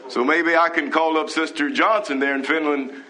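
Fervent preacher man, fairly high voice. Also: fairly even intonation, normal speed, sharp tone. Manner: fervent, scolding preaching with frequent hallelujahs. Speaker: pastor. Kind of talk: sermon broadcast live.

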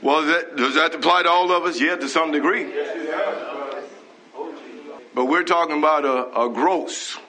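A man's voice: fairly high pitch, moderate pace, pauses often, crowd noise. A man preaching a fervent, scolding sermon on a live broadcast, reading scripture and breaking into hallelujahs. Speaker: pastor.

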